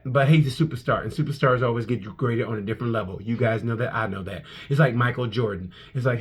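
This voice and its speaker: A man, a comedian, reviewing a motorcycle race in a casual, animated monologue full of restarts and profanity. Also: mid-range voice, fast, hardly any pauses, slightly rough.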